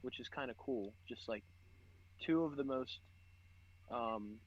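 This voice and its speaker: A young podcast co-host chats casually and laughs while playing video games, swearing often. His voice is mid-range and a little slow, and the recording has its highs cut off.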